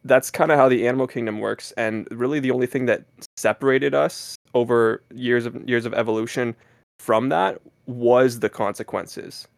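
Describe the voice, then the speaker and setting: A man's voice: medium pitch, steady tone, moderate pace, creaky, no room sound, clean studio sound. A young man with a Canadian accent co-hosting a podcast, chatting casually and hedging with many fillers. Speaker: podcast co-host. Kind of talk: casual chat.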